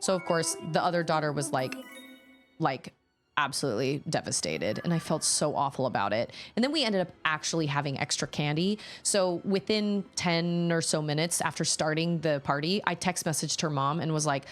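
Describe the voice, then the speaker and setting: A woman's voice: low-pitched, normal speed, faint music behind. A woman in her thirties, a streamer casually telling a long story while playing a game, rambling and self-conscious with many restarts.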